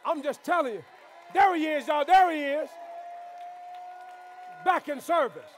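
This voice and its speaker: A man. He builds to fervent shouts and falls back to quiet, intense lines. He keeps urging the pews to answer him. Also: very high-pitched, lively intonation, a little slow, a faint crowd, a little hiss or hum. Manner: preaching with call-and-response, swings between shouting and quiet. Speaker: pastor. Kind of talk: sermon. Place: church sanctuary.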